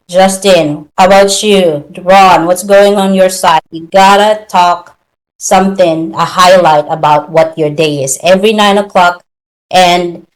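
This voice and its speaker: A woman's voice: on the low side, rough recording. A woman from the Philippines gives a chatty coaching talk, acting out her clients in quoted voices. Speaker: virtual assistant coach. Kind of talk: motivational talk to camera.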